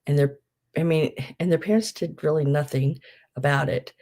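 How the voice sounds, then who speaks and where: A woman's voice: sits low, fairly even intonation, normal speed, dark tone. A middle-aged woman, chatting casually on a live sale stream, gushing and trailing off with ums.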